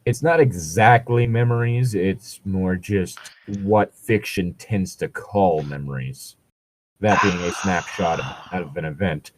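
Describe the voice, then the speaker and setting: A man's voice: sits low, unhurried, dry recording. A man co-hosting a comedic fanfiction reading, chatty and explaining things at length. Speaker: podcast co-host reading aloud.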